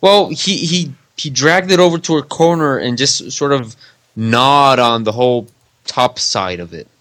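Podcast guy teasing deadpan, stumbles a bit, dry sound. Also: mid-range voice, a little slow, no echo. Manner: teasing, deadpan, stammering restarts. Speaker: podcast co-host. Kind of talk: casual chat.

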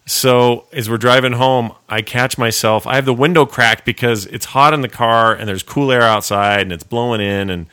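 A man's voice: mid-range voice, moderate pace, bright, forceful tone, smooth, no echo. A man co-hosting a podcast in casual chat, joking, rambling and laughing often. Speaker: podcast co-host.

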